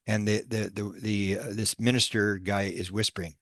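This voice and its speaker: A man who is a paranormal researcher tells stories in a presentation. He talks haltingly, with many fillers and restarts. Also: fairly low pitch, fairly even intonation, no room sound, studio quality. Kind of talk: storytelling presentation.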